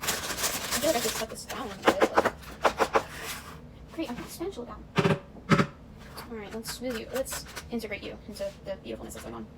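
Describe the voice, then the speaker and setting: A woman's voice: a little high, huge pitch swings, brisk, long pauses. A young woman chatting casually as she bakes in her home kitchen, self-mocking and dropping bits of show tunes. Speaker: vlogger. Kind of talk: casual baking vlog chat. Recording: distant camera mic with noise.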